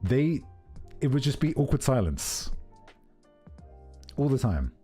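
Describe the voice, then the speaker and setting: Chatty, mellow man. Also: medium pitch, sing-song, slow, slightly rough, soft background music. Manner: chatty, rambling, playful. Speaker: streamer. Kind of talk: casual live-stream chat. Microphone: close to the microphone.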